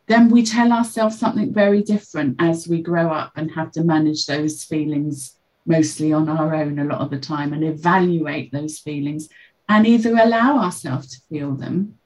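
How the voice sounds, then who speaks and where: A woman, a podcast guest calmly explaining feelings and acting out example phrases. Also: on the low side, rough recording. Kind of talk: reflective podcast conversation.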